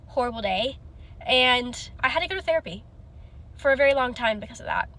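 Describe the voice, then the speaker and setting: A woman's voice: fairly high pitch, expressive, fairly quick, fairly bright tone. A woman hairstylist telling a storytime in a rambling way, full of "like" fillers. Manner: rambling, heavy use of "like". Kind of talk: casual storytime.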